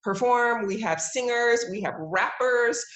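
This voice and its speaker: A woman's voice: a little high, unhurried, fairly bright tone. A woman in her forties, a TV judge being interviewed, talking in an upbeat, emphatic way and laughing often. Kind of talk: casual interview talk. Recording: roomy echo.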